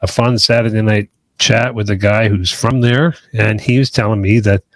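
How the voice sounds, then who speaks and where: A man's voice: fairly low pitch, steady tone, moderate pace, no room sound. A man co-hosting a podcast, chatting casually and rambling with hedges and restarts. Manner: rambling, hedging, many restarts. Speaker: podcast co-host.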